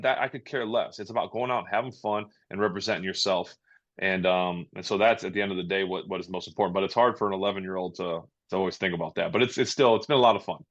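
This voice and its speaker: Male podcast guest, low voice, loose rambling talk, dull lo-fi sound. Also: a bit bright. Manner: rambling, halting, many restarts and fillers. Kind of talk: casual interview chat.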